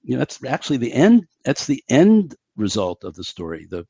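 Man, middle-aged, interview guest, emphatic, blunt, mid pitch, dry close sound. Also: huge pitch swings, normal speed, creaky, dark tone, husky, no echo. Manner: emphatic, blunt explainer who acts out quotes. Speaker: podcast guest, physician and stress expert. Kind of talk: conversational interview explanation.

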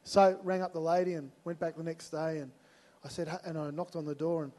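A man's voice: a little high, flat delivery, fairly quick, mellow. An Australian man preaching a sermon, telling personal stories in a conversational way and acting out both sides of the dialogue. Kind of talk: sermon storytelling.

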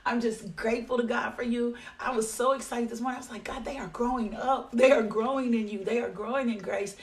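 A woman's voice: a little high, steady tone, fairly quick, recorded from a distance. A woman leading a daily devotional, encouraging listeners and praying fervently with many repeated phrases. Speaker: devotional leader. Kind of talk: devotional talk and prayer.

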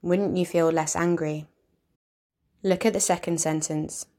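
A woman giving a calm, measured instructional narration, explaining ideas step by step. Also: lowish voice.

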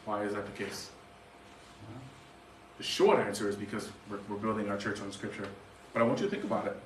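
A man preaching a sermon as a guest pastor, animated and joking, with sarcastic asides and quick questions to the congregation. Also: lowish voice. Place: church sanctuary. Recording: roomy church hall, mic at a distance, faint background noise.

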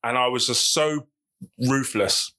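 A man's voice: medium pitch, slow, pushed and bright. A man from London with a London accent, co-hosting a podcast in mock-tough, playful casual banter. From London, England. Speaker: podcast co-host.

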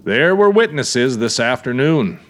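A man's voice: mid-range voice, sing-song, a little slow, a bit bright. A man voicing a firm, blunt young small-town police officer, in an audiobook reading. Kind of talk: audiobook character voice.

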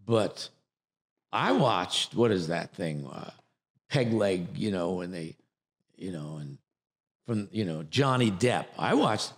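Gravelly, teasing New York man. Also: low voice, lively intonation, slow, long pauses. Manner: teasing, rambling, full of restarts and asides. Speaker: acting coach, co-host. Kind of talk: casual podcast chat.

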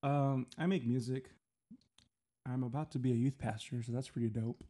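A young man in his early twenties or younger, chatting casually on a podcast with a friend. His voice is a medium male pitch. He rambles playfully, restarts his sentences, and giggles between thoughts. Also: steady tone, moderate pace, mellow. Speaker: podcast co-host, singer-songwriter. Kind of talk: casual chat.

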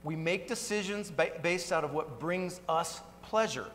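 A man's voice: fairly high pitch, a little slow, fairly bright tone, slight background noise. A man preaching a sermon as pastor in an earnest, conversational way, in a church sanctuary. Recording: long hall reverb.

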